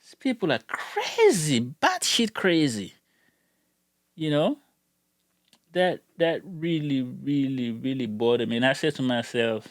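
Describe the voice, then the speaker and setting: A man's voice: mid-range voice, lively intonation, unhurried, no echo. Heated rambling man with a dry sound. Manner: heated, rambling, repeats words when worked up. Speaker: gun channel YouTuber. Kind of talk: casual ranting vlog.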